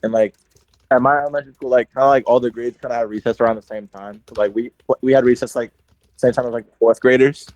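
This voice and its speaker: A man's voice: medium pitch, fast talker, no room sound, low-quality recording. Young man telling a playground story. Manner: animated storyteller, heavy "like" filler, acts out quotes. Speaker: podcast co-host. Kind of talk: casual storytelling chat.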